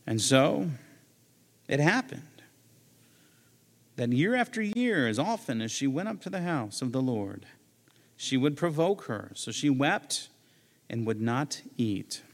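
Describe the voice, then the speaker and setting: A man's voice: mid-range voice, very animated, takes it slowly, pauses often, in a large hall. A man, a pastor, preaching a sermon in a conversational way, with joking asides and quoted lines he acts out.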